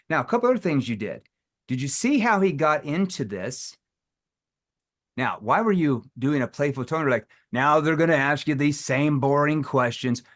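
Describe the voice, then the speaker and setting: Animated male sales trainer. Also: fairly high pitch. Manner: animated, acts out phone calls with playful tones. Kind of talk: live sales training session.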